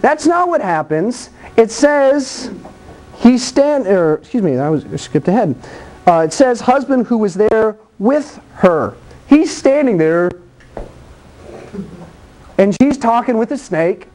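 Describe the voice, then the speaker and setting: A preacher delivers a sermon in a lively, plain-spoken way. Bible scenes are acted out with funny voices and noises, and the talk stays blunt and conversational. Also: mid-range voice, slow pace, pauses often. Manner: animated storytelling with acted-out voices and sound effects.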